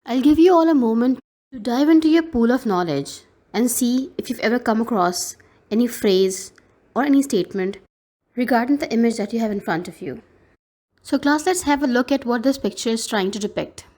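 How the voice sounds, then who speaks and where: A woman teacher with a Pakistani English accent gives a recorded lesson to schoolchildren. Her voice sits a little high, and she speaks slowly and carefully, stressing each pronunciation. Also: lively intonation, warm tone. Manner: slow, careful teacher's delivery spelling out pronunciations.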